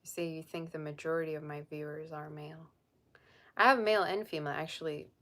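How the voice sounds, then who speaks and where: A woman's voice: sits low, steady tone, quick pace, a bit bright. A woman tarot reader chatting on a live stream, blunt and sassy as she reads and answers viewer comments. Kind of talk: casual live-stream chat.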